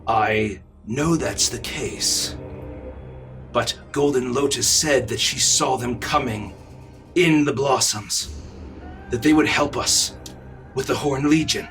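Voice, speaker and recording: A man voicing a stern, calm female orc leader who speaks low, measured and firm in a tabletop game. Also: soft background music.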